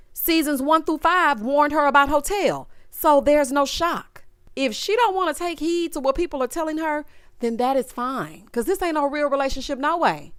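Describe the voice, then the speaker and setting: A woman's voice: high-pitched, a bit bright, no room sound, studio quality. A woman hosting a casual reality TV recap, talking sassy and slangy with dramatic asides to her viewers.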